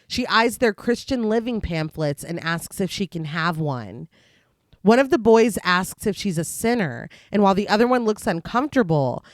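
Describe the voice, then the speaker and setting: A woman's voice: fairly low pitch, no room sound. Dry-voiced woman recapping a horror film. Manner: laughs often, reads scene summaries steadily. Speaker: podcast co-host. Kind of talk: casual film discussion with read plot recap.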